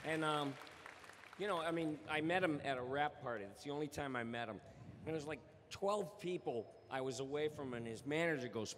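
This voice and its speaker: A man telling casual anecdotes as a voice actor on a convention panel, animated and laughing often. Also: fairly high pitch, normal speed, a faint crowd. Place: large convention hall. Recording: long hall reverb with faint noise.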